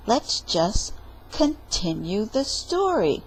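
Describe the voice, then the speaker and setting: A woman reading a story aloud at storytime in a playful, expressive way. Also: mid-range voice, slow, breathy edge, low-quality recording. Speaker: library storyteller.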